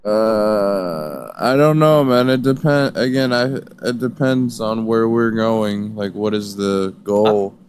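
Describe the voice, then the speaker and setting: A man co-hosting a casual wrestling chat over an online call. He thinks aloud, hesitant and unhurried. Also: on the low side, darkish tone. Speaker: co-host.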